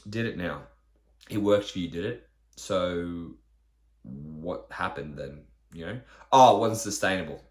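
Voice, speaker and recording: A man's voice: deep voice, a little slow. A man, a fitness trainer, ranting bluntly on his podcast with lots of swearing and rhetorical questions.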